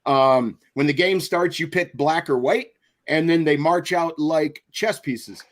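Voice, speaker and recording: A man with a slightly raised voice hosts a relaxed online chat. He rambles through his stories and laughs as he goes, heard over a video call. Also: a little high, a little slow. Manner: rambling storyteller, laughs often. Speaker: podcast host. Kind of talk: casual chat.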